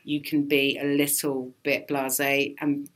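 A woman comedian talking as a podcast guest, animated, swearing freely and often laughing. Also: extremely low pitch, unhurried. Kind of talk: casual podcast interview.

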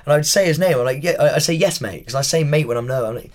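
A man in his thirties with an English accent, a podcast guest telling animated stories in casual chat and swearing freely. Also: a little high, racing.

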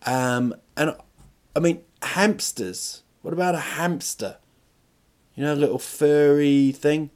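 A man's voice: a little high, fairly even intonation, slow pace, a little mellow. A middle-aged man hosting a podcast, rambling through a crude comic monologue with stop-start phrasing and rhetorical questions. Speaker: podcast host.

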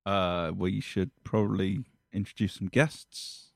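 A man co-hosting a comedy podcast in a studio, answering briefly with deadpan quips. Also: deep voice, takes it slowly, creaky, no room sound. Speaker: podcast co-host. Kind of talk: casual comedic chat.

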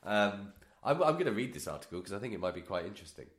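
Jokey low-voiced podcast host. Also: male voice, sing-song, fast talker. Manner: jokey, playful, prone to bits and countdown noises. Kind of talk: casual comedic chat. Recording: echoey room.

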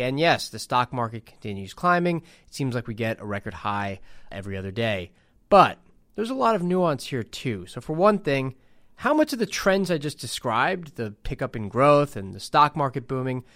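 A man hosting a podcast, giving measured, analytical commentary with the occasional filler. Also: medium pitch, a bit bright, no echo, clean studio sound. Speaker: podcast host. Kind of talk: reflective solo commentary.

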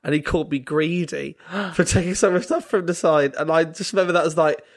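A man's voice: fairly high pitch, fast. A man, a comedian, telling a rambling, self-mocking story, full of fillers and laughing often at himself. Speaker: comedian guest. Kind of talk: casual anecdote telling.

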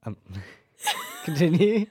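Low-voiced woman with dry quips. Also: sing-song, slow pace, darkish tone, husky, no room sound. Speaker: podcast co-host. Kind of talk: casual chat.

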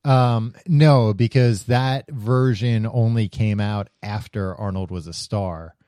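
A man's voice: lowish voice, slow, dark tone, no echo, studio quality. A man co-hosting a pop culture podcast, explaining things in a rambling way with many fillers. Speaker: podcast co-host. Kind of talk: casual chat.

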